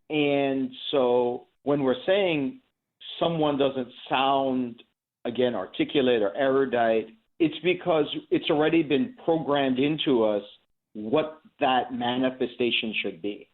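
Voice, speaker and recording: A man's voice: medium pitch, slow. A man from the Philadelphia area, a journalism professor appearing as an interview guest, explaining earnestly and asking rhetorical questions. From Philadelphia area, USA. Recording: tinny phone-like line.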